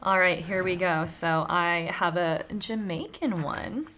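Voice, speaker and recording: A woman's voice: lowish voice, slow, a bit bright, slight background noise. A woman co-hosting a casual podcast, who swears freely and reacts with short agreements and jokes. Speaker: podcast co-host. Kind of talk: casual chat.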